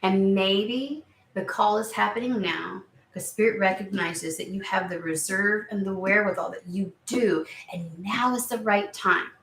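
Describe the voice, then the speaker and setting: A woman's voice: mid-range voice, a little slow, a bit bright, slight background noise. Chatty woman tarot reader, echoey room. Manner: chatty, emphatic, swears casually, acts out voices. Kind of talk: casual spiritual tarot reading.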